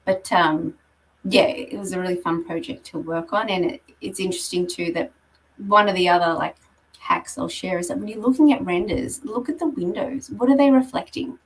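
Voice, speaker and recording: A woman's voice: on the low side, normal speed, distant mic, poor audio. A woman giving a conversational presentation on property marketing, explaining slides with frequent ums. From Australia. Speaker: guest speaker on property marketing.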